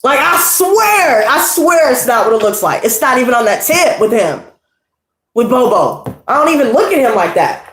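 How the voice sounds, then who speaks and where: A woman's voice: a little high, sing-song, moderate pace, slight background noise. A young woman casually telling a personal story, rambling and swearing, with a lot of "you know" and "like". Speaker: tarot channel host. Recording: echoey room.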